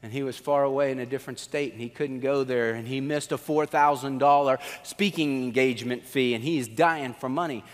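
A man pastor preaching a sermon, telling the story in an animated way and acting out the quotes. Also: brisk, hardly any pauses, long reverb tail. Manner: animated storytelling, acts out quotes with swings in pitch.

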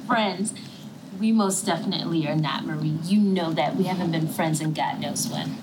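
A woman's voice: lowish voice, moderate pace, close to an everyday voice. An actress playing a cold, fed-up woman who brushes off an old rival, in a TV drama clip. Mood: scornful. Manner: curt and dismissive. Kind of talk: TV drama dialogue. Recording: TV clip with ambient noise.

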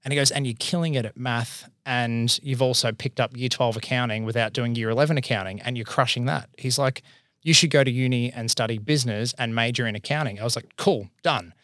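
In a clean studio recording with no echo, an Australian man in his thirties, an accountant who runs his own business, tells the story of his career. He's casual and animated, acting out the voices of people he quotes, with a mid-range voice that moves a little fast.

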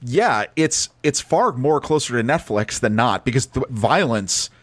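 A man's voice: medium pitch, animated, unhurried, dry recording. A man co-hosting a podcast, chatting casually and enthusiastically about films, often restarting his sentences. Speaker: podcast co-host. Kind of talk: casual movie chat.

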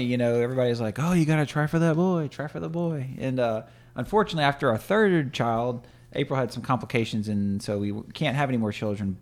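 A man in his thirties co-hosting a podcast, talking in an earnest, reflective way with many filler words. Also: mid-range voice. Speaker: podcast co-host. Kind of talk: casual chat.

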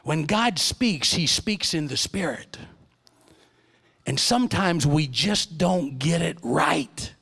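High-voiced animated middle-aged preacher. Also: male voice, slow pace, gravelly, breathy edge. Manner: animated storyteller, shifts from loud to hushed. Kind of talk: sermon. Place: church.

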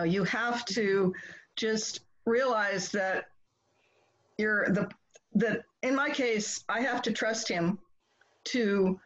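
A woman's voice: medium pitch, a bit bright. A woman, an author guest, talking thoughtfully and plainly, with many "you know"s. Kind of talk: casual interview chat. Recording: lo-fi, muffled sound.

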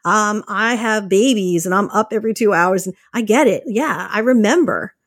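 A woman's voice: mid-range voice, moderate pace, no echo, clean studio sound. Chatty woman podcast host. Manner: chatty, lively, laughs often, acts out quotes. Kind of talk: casual faith-based self-care talk.

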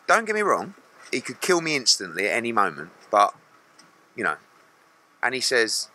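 A man's voice: on the low side, sing-song, normal speed, pauses often, sharp tone. A middle-aged man, a boxing promoter answering press questions bluntly and acting out other people's lines.

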